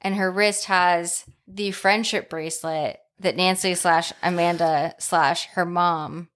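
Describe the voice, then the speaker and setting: A woman's voice: lowish voice, steady tone, slow pace, a bit bright, clear, resonant tone. A woman co-hosting a horror film podcast in casual chat, swearing and saying "like" often. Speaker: podcast co-host.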